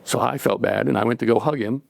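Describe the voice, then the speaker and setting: Speaking fast in a gravelly, mid-range voice, a middle-aged man shares a personal story with a live crowd. He's relaxed and chatty, chuckling and acting out what people said.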